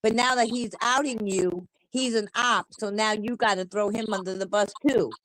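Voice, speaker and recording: A woman's voice: medium pitch, steady tone, normal speed, fairly bright tone, low-quality recording. A woman hosting a livestream, ranting angrily and bluntly with heavy swearing. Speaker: livestream host. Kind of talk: heated commentary rant.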